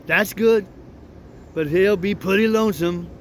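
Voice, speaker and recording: A man's voice: sits high, unhurried, a little hiss or hum. A man reading an audiobook, voicing a stubborn grown man who argues in folksy rustic dialect. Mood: stubborn, puzzled. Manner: folksy drawling dialect, argumentative.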